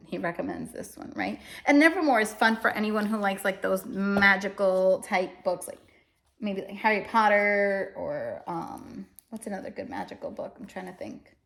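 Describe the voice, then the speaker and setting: There's slight background noise behind this woman's mid-range, fairly bright voice with vocal fry. Reviewing books as a homeschooling parent, she chats casually and emotionally about her family's reading, rambling some, self-correcting, and running herself down.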